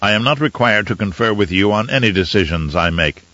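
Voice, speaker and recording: A cold, dangerous nobleman speaks in a hard, curt voice, as a man reads him in an audiobook. The voice is low and the recording sounds dull and muffled. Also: expressive, fairly quick, pushed and bright, no echo.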